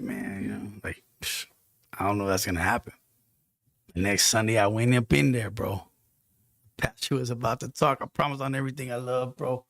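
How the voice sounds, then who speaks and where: A man's voice: lowish voice, vocal fry, fairly bright tone, slightly rough, no room sound, clean studio sound. A man telling a heartfelt personal story on a podcast in casual, slang-filled speech. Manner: earnest, heartfelt testimony with street slang.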